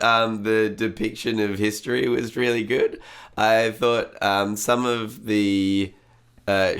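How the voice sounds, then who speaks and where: A man's voice: fairly low pitch, fairly bright tone, smooth. A man, co-hosting a film podcast, chatty and laughing often, with frequent ums. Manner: laughs a lot, hesitant with ums. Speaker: podcast co-host. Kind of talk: casual film podcast chat.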